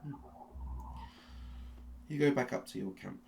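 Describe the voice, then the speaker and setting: A man narrating a tabletop game as game master, telling the story slowly and with suspense, often restarting his sentences. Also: medium pitch, vocal fry, a little mellow, a little hiss or hum. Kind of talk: dramatic second-person narration of a tabletop game.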